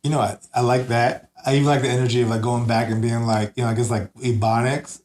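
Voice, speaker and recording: A man's voice: medium pitch, flat delivery, quick pace, darkish tone, slight background noise. Joking man on an echoey podcast. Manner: loose, joking, slangy, acts out voices. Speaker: podcast co-host. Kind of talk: casual comedic podcast banter.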